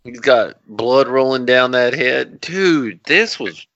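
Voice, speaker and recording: A man co-hosting a casual podcast, talking loosely and excitedly, swearing freely. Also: medium pitch, slow pace, dry recording, lo-fi sound. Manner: loose, profane, excited banter. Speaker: podcast co-host.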